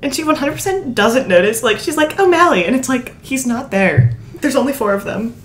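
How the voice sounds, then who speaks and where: A woman co-hosting a podcast in casual chat, laughing often and quoting lines in high mock voices. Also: expressive, brisk, a little hiss or hum. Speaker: podcast co-host.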